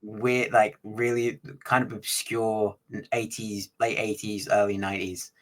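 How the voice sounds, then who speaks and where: Male podcast co-host, lower pitch, hesitant casual delivery. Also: flat delivery. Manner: halting, full of fillers and restarts.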